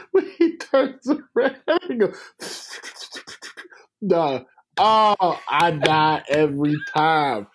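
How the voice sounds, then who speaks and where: A man in casual chat, laughing a lot and quoting sitcom lines with animated delivery. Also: fairly high pitch, drawn-out words, slightly rough.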